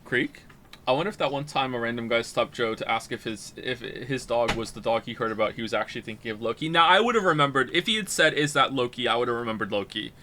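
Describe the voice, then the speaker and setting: A man from Canada hosts a gaming stream and talks casually. He tells rambling stories peppered with swearing. His voice is bright and sharp, with a middling pitch. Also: animated, fast, a little hiss or hum. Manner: rambling, profane storytelling. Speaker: streamer host.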